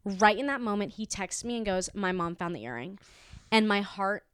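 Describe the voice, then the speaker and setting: A woman's voice: medium pitch, animated, moderate pace, a bit bright, smooth, dry recording, studio quality. A young woman co-hosting a podcast, telling a frank story in casual chat, swearing freely and acting out the quotes. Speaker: podcast co-host. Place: indoors, room at home.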